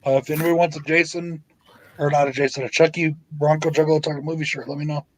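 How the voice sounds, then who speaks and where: A man's voice: a little high, little pitch movement, fast talker, poor audio. A man hosting a casual live stream chat, blunt and swearing freely. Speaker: host.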